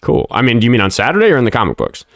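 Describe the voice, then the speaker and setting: A man's voice: mid-range voice, huge pitch swings, very fast, no room sound, studio quality. A man hosting a casual livestream, chatting and rambling, swearing freely and snapping back at commenters. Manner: profane, combative toward chat, rambling. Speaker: livestream host.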